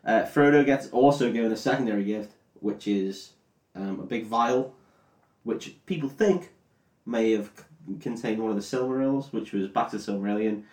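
A man's voice: fairly low pitch, normal speed, a little mellow. A drunk young man, recapping a film in rambling, sweary casual chat, often unsure of details. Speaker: podcast co-host. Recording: roomy echo.

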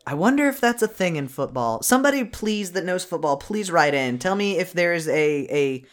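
A man co-hosting a podcast, recapping a movie in rambling, profane casual chat. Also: high-pitched. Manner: rambling, profane, animated, quick bursts.

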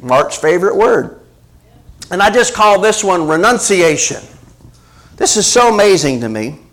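A middle-aged male preacher delivering a sermon, swinging between hushed asides and emphatic rhetorical questions. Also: sits high, very animated, measured pace.

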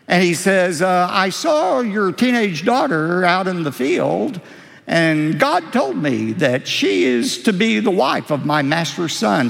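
Gravelly preacher in a reverberant hall. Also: male voice, on the high side. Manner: expressive preaching with rising emphatic lines. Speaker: pastor. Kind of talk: sermon.

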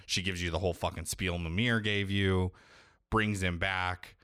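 Low-voiced man ramblingly recapping a game. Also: steady tone, normal speed, bright, forceful tone, no echo, studio quality. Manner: rambling, profane, acts out quoted lines. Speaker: podcast co-host recapping a game. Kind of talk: casual chat.

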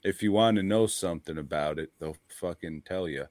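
Low-voiced guy swearing his way thru a slow rambly podcast chat, dry close sound. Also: darkish tone, no echo. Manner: profane, rambling, laid-back. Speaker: podcast co-host. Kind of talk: casual chat.

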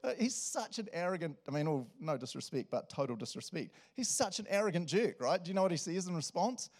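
A man's voice: mid-range voice, fairly quick, vocal fry. A pastor preaches with lots of energy. He often breaks into chuckles and plays out the scenes he's describing. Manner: animated, laughs often, acts out quotes. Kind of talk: sermon.

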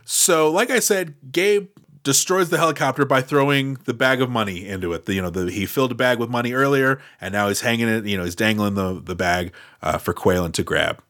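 A man's voice: mid-range voice, brisk, fairly bright tone. A man co-hosting a casual podcast, rambling with wry, playful sarcasm. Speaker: podcast co-host. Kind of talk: casual chat.

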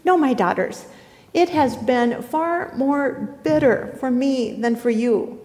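A woman's voice: sits high, lively intonation, slow pace, a little mellow. Woman reading as a grieving old widow. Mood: pleading. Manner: pleading, emphatic. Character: grieving elderly widow pleading with daughters. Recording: echoey hall.

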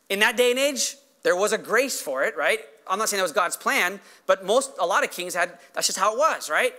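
A pastor delivering a sermon in a high, bright man's voice. He preaches earnestly but conversationally, often tossing in quick tag questions to the congregation. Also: animated.

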